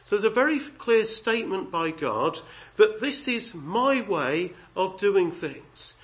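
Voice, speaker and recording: A man's voice: high voice, big pitch swings, slow, fairly bright tone. A man preaching a sermon with earnest emphasis, reading scripture aloud and addressing young people. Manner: earnest, emphatic, reads scripture aloud in King James wording.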